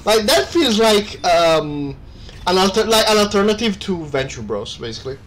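Young male co-host, animated up-and-down delivery, cursing a lot mid-game. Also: high-pitched, normal speed, slight background noise. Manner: swearing, animated, laughs often. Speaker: let's play co-host. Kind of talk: casual gaming chat.

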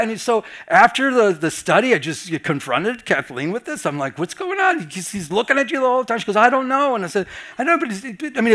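A middle-aged pastor, a man, telling a personal story to his Bible study group. His voice sits fairly high for a man, and he swings from excited, loud re-enactments of his own reactions down to hushed, confessional tones.

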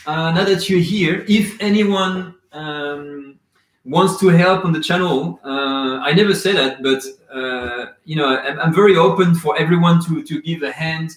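A man's voice: fairly high pitch, reverberant. Rambling man hosting a live chat. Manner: casual, rambling, reads chat comments aloud. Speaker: cooking channel host.

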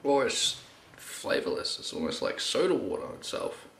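A man's voice: sits low, huge pitch swings, normal speed, a bit bright. A man reviewing a drink in a casual vlog, blunt and swearing, groaning and sighing, out of breath. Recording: echoey room, faint background noise.

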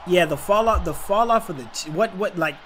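In a sports reaction video, a young male host with a high voice talks a little fast over slight background noise. His casual rant is animated and profane, marked by stammering restarts and phrases said again and again.

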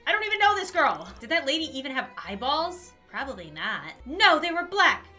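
A woman's voice: high-pitched, brisk, faint music behind. A woman hosting a gaming video, giving playful commentary, joking sarcastically and reading game dialogue aloud. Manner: expressive, sarcastic, reads game text aloud. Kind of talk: playful let's-play commentary.

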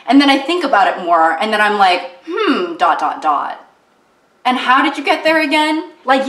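A woman's voice: on the high side, a bit bright, recorded from a distance. Chatty young woman cooking, off-mic. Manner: rambling, joking, lots of fillers. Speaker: vlogger. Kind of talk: casual chatty vlog while cooking. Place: home kitchen, cooking at the stove. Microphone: camera mic, no separate microphone. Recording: roomy, off-mic kitchen with stove sizzle.

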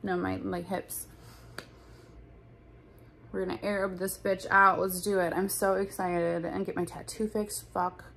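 A woman's voice: lowish voice, flat delivery, measured pace, vocal fry, long pauses, a bit bright, slight background noise. A young woman in a casual storytime vlog, talking bluntly and profanely with lots of "like". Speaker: vlogger.

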